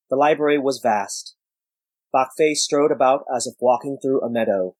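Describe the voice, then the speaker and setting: A man giving measured scripted narration of a story. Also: mid-range voice, a little mellow, no echo, poor audio.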